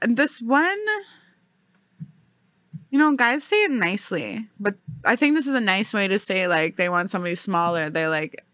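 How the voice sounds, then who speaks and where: A woman's voice: mid-range voice, expressive, normal speed, fairly bright tone, dry recording. A young woman in casual podcast chat, blunt and swearing freely, laughing often.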